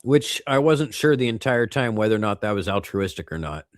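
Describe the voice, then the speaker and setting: Rambling, reflective man with a lowish voice. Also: expressive, a little fast, no room sound, clean studio sound. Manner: rambling and reflective, trips over his words. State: tired. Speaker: podcast co-host. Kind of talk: casual chat.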